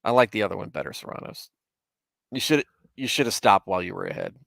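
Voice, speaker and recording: A man's voice: fairly low pitch, huge pitch swings, fast talker, gravelly, a bit bright, no echo. Rambling self-mocking male livestream host. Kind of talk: casual livestream chat.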